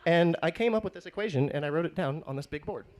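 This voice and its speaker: A man's voice: a little high, animated, fast talker, a little mellow. A young man rambles through a student stand-up set, restarting and stumbling over his words. A faint noise sits under the recording. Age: young adult. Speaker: stand-up comedian.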